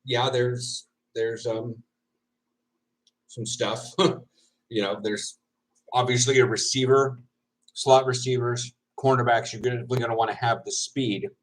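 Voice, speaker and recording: A man in a loose, casual chat to his viewers, rambling from point to point and breaking into laughs. He talks with his mouth full, so his words are a little thick. His voice sits at a mid pitch. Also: fairly even intonation, a little slow, pauses often, low-quality recording. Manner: rambling, laughs often, self-correcting. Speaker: semi-pro football linebacker vlogger.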